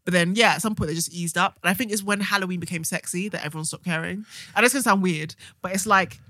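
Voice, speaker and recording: A young woman, co-hosting a podcast and telling stories with animated acted-out quotes. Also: fairly low pitch, fast talker, dry recording, clean studio sound. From England. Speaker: podcast co-host. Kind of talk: casual chat.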